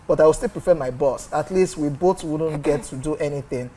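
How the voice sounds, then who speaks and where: Nigerian woman co-host, low voice, reads messages. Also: fairly quick, warm tone, poor audio. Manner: reads viewer messages with Pidgin asides. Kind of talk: lively studio show chat.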